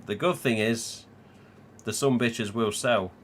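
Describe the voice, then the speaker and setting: A man's voice: mid-range voice, slow, slight background noise. A man from England hosting a live stream, chatting casually, swearing freely and laughing often. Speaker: livestream host.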